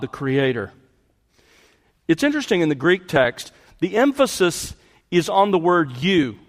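In a verse-by-verse expository sermon, a pastor whose voice is a little high emphasizes key words and repeats phrases for effect, with a long reverb tail following his words.

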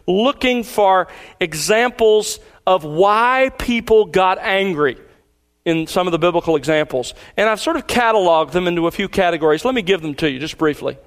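A man with a high voice delivers a sermon in a measured preaching manner. He slows down to read quotations and puts direct questions to his listeners. He sounds middle-aged. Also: lively intonation, a bit bright. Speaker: pastor.

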